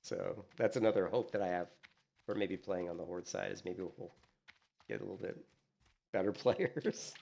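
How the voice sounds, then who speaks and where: Animated man telling a gaming story. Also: low-pitched, a little fast, gravelly. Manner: animated storytelling, acting out what others said; fillers like "you know" and "like". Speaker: game streamer. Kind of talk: casual gaming stream chat.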